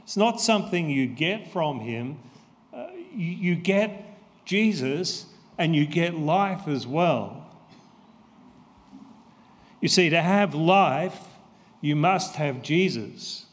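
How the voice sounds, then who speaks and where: A man preaching a sermon as pastor, slow and emphatic, repeating his key phrases. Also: on the high side, animated. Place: church. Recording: long church reverb.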